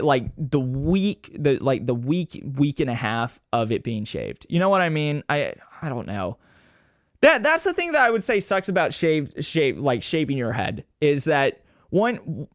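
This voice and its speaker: A man's voice: a little high, dry recording, studio quality. A young man hosting a podcast alone, rambling casually, swearing and poking fun at himself. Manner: rambling, swearing, self-mocking; animated, mimics people with a raised voice. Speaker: podcast host. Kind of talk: casual solo podcast chat.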